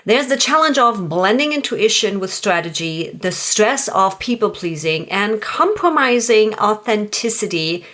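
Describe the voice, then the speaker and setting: A woman's voice: medium pitch, animated, unhurried, few pauses, fairly bright tone. A woman in her fifties hosting a podcast interview, chatty and self-deprecating, drifting into little asides. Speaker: podcast host.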